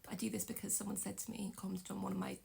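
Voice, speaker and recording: A young woman tells a painful story from her own life, her voice heavy with gravel and fry. She speaks in an emotional, halting way, stopping often and starting over. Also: medium pitch, level tone, darkish tone. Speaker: vlogger. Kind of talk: personal storytelling vlog.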